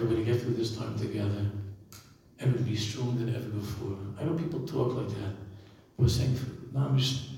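A man, a rabbi, telling a story in an impassioned sermon that swells to loud emphasis. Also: mid-range voice. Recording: echoey hall, distant mic.

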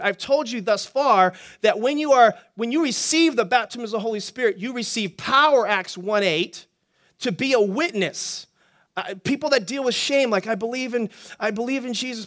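A man preaching as a pastor, teaching quickly and energetically and throwing questions to the congregation. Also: extremely high pitch. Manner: energetic, talks fast, asks the congregation questions. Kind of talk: sermon teaching.

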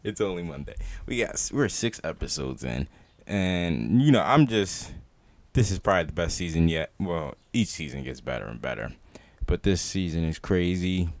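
A man with a very low voice hosts a casual podcast chat. He sounds relaxed and laughs easily, and the recording is dry and close. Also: moderate pace, no room sound. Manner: relaxed, steers the talk between topics, laughs often. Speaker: podcast host.

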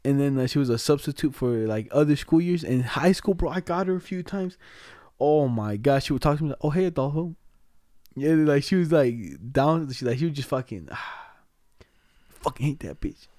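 A man's voice: on the high side, brisk, mellow, no room sound, clean studio sound. A young man rambling through school memories in casual, slangy chat. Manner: slangy, rambling, laughs often.

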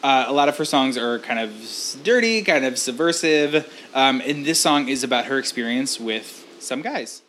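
A woman's voice: very deep voice, lively intonation. A woman co-hosting a comedy podcast who chats casually and agreeably and introduces the segments. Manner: easygoing, agreeable, quick to laugh along. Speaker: podcast co-host. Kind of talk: casual chat.

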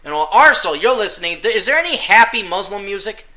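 A man's voice: high voice, big pitch swings, fast, sharp tone. A man hosting a podcast, ranting casually and sarcastically, breaking into mocking sung parodies. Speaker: podcast host.

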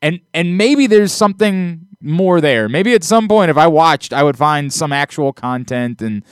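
Smooth-voiced exasperated male podcast host. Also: fairly high pitch, expressive, unhurried, no room sound, clean studio sound. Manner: rambling, exasperated, restarts often. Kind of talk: casual chat.

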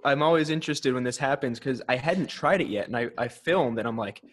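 Relaxed, reflective male podcast guest. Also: medium pitch, fairly quick. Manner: relaxed, reflective, some stammered restarts. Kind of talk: casual chat.

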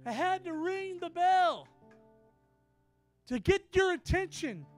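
A man voicing a mysterious stranger woman who turns out to be an angel, speaking slowly and calmly. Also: extremely high pitch, soft background music, voice pushed up, exaggerated voice. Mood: calm, knowing.

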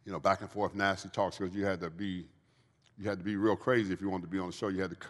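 Speaking quickly in a low, level tone, a man in recovery gives preachy, heartfelt testimony as a guest at a church Q&A. He repeats phrases frequently, and the large event hall gives his voice a long reverb.

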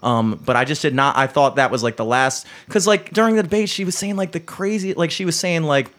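A young man with a fairly high voice talking in a casual podcast chat. He rants with energy, swears freely and speeds up when worked up. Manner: animated, swearing, fast rants.

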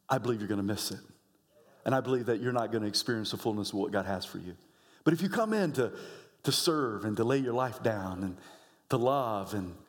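A middle-aged male pastor preaching a sermon, swinging from low, quiet lines up to high shouts. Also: long reverb tail. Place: church sanctuary.

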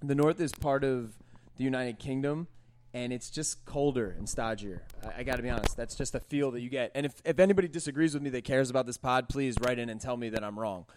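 A man's voice: mid-range voice, fast, a little hiss or hum. A man hosting a podcast, ranting in casual chat with a lot of swearing. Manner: profane, animated ranting. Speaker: podcast host.

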